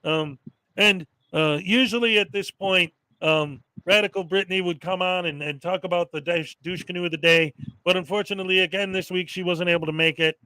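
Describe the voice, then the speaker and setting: A man's voice: sits high, fairly even intonation, brisk, bright, forceful tone, no room sound, rough recording. A man co-hosting a casual livestream chat, rambling with fillers and laughs. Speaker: livestream co-host.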